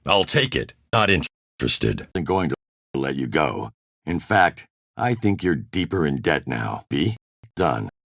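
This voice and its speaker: An actor playing a hard-bitten, mercenary privateer captain in video game voice-over takes, with curt, sardonic lines. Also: male voice, very deep voice, a bit bright, no room sound, clean studio sound, heavily acted. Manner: curt, sardonic one-liners. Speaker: voice actor in game recording sessions.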